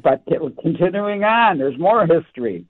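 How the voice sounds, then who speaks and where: A man's voice: on the high side, big pitch swings. Older male caller on a tinny phone line. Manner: friendly, recounting dates, halting with fillers. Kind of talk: call-in talk radio.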